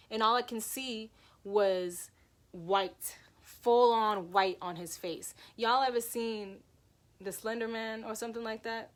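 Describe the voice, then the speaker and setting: Young woman rambling thru a story for her viewers, lots of like and y'all, keeps restarting. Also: mid-range voice. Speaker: vlogger telling a personal story.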